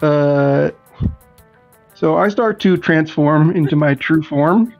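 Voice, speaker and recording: A man in an online tabletop game narrates his character's moves in a relaxed way, full of fillers. His audio comes through dull and lo-fi, with faint music behind it. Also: on the high side, slow, creaky. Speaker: player. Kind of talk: tabletop role-play, describing his character.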